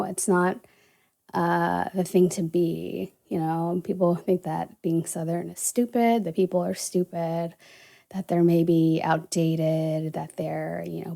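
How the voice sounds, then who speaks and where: A woman's voice: lowish voice, gravelly, warm tone. A young woman from the American South, without a Southern accent, hosting a casual solo podcast and rambling with lots of "you know" and "uh". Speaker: podcast host.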